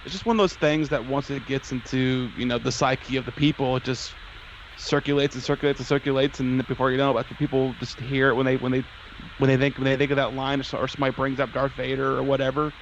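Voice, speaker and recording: A man's voice: mid-range voice, flat delivery, fast, muffled recording, a little hiss or hum. A man co-hosting a casual live stream, rambling and repeating words, with some swearing. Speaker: podcast co-host.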